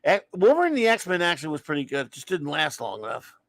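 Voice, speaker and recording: A man's voice: on the high side, big pitch swings, fast, a bit bright, no room sound. A man from Louisiana hosting a casual live-stream comics chat. He rambles through strong opinions and greets his viewers in a friendly way. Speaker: livestream comics talk host.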